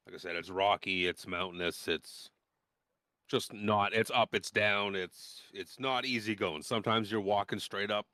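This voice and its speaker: A man's voice: on the low side, fairly even intonation, moderate pace, bright, forceful tone, clean tone, no room sound. A man narrating a tabletop game as dungeon master, in a loose, rambling way with many fillers.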